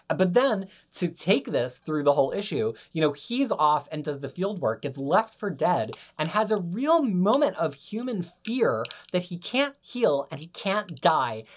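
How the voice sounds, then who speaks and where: A woman hosting a casual podcast chat, leading the discussion with enthusiasm. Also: sits low. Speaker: podcast host. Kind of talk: casual chat about comics.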